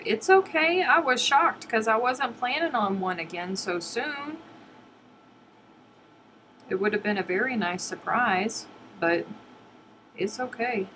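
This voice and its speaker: A woman's voice: mid-range voice, expressive, a little slow, long pauses, bright, forceful tone, slight background noise, low-quality recording. A middle-aged woman hosting a casual live stream and chatting with her viewers, reading their comments aloud playfully. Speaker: livestream host.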